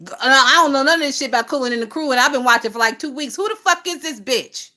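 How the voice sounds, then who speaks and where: A woman hosting a casual gossip livestream, talking in a lively, profane way and laughing often. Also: high-pitched, quick pace. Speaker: livestream host.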